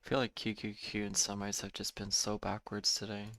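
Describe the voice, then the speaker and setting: Male trader, lowish gravelly voice, measured think-aloud delivery, dry close mic. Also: completely flat delivery, fairly bright tone, dry recording. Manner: measured, thinking aloud with small self-corrections. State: yawning, a bit tired. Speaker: day trading streamer. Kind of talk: live market commentary.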